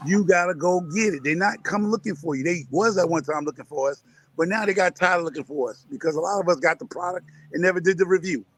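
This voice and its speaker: A high, fast male voice comes through with slight background noise. He's a Connecticut gardener on a casual live chat, hammering the same points preachily to stir up his listeners.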